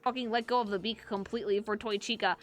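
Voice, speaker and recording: A woman streamer gushing excitedly and profanely while reacting to an animation for her chat. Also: medium pitch, fast, no echo.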